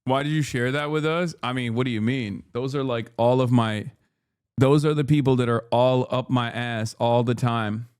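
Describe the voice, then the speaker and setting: On a live stream, a man delivers a profane, heated reaction rant, mocking others by putting on voices when quoting them. His medium-pitched voice is fairly even in intonation, moderately paced, a little mellow, clear and resonant, recorded in studio quality with no room sound.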